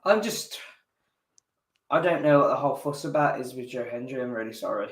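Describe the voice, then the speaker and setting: A man's voice: medium pitch, lively intonation, fairly quick. A man co-hosting a wrestling podcast, blunt and candid in casual chat. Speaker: podcast co-host. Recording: roomy echo.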